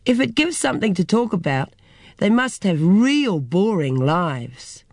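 A cheerful, determined middle-aged mum, as the storyteller puts her on, talking in a brisk, upbeat way in a storybook reading. Her lines lift and dip a lot and come at an easy pace. The sound is dry. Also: mid-range voice, very animated, darkish tone, no echo.

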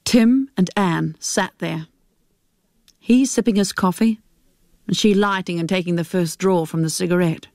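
A woman reading a short story aloud as narrator, in a measured, steady way. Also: fairly low pitch, dry recording, clean studio sound.

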